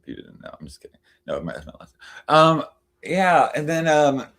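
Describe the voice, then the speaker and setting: This livestream host is a man whose voice is a little high and a bit bright, with vocal fry; he is very animated and brisk. He chats casually with a live audience, rambling with frequent fillers and restarts.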